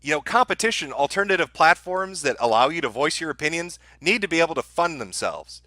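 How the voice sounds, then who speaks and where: A man's voice: on the high side, animated, brisk, few pauses, bright, forceful tone, no echo. A man hosting a livestream, ranting angrily with a lot of swearing about the topic he's covering. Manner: profane, angry, ranting. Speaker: livestream host. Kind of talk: heated livestream rant.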